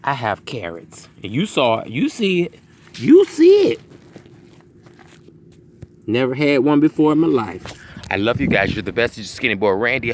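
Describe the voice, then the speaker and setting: A man casually vlogging about his garden outdoors, talking excitedly to his viewers into a phone camera. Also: fairly high pitch, gravelly. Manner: excitable, chatty, keeps saying "y'all".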